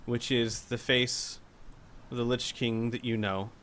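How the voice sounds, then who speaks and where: A man narrating a tabletop role-playing game as game master, in a dramatic, deliberate storytelling manner. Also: medium pitch, level tone, a bit bright.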